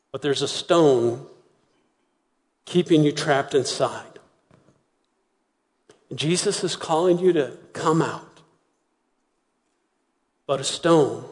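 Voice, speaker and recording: Animated preacher man in a reverberant hall. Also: fairly high pitch. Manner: animated storytelling, acting out voices. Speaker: pastor. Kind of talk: sermon.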